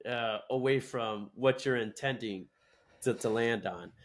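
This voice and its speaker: A man's voice: medium pitch, a little slow. A young adult man, a guest in a chat, speaking hesitantly with many restarts and fillers. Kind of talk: casual chat.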